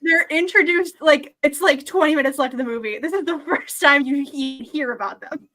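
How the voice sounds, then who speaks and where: A high-pitched woman chatting on a comics podcast stream. She is excitable, teases her friends and swears casually. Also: a little fast. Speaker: podcast co-host. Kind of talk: casual chat.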